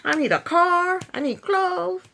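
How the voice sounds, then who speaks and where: A woman mimicking a stubborn husband who argues indignantly, her voice pitched up high. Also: unhurried, gravelly, pushed and bright, full character voice. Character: whiny, stubborn husband defending loans.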